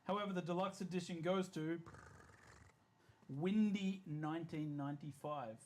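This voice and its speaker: A man streaming live, chatting casually and joking in a quick, rambling way. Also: fairly high pitch, steady tone.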